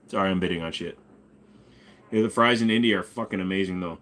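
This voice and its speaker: A man's voice: low-pitched, fast, pauses often, fairly bright tone. A man hosting a casual ask-me-anything livestream, joking, swearing and reading chat while bidding on items. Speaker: streamer host.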